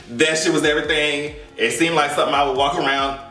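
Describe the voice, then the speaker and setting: A man giving sassy, animated pop culture commentary, swearing freely and laughing often. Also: on the high side, moderate pace, faint music behind. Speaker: vlogger. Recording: echoey room, mic at a distance.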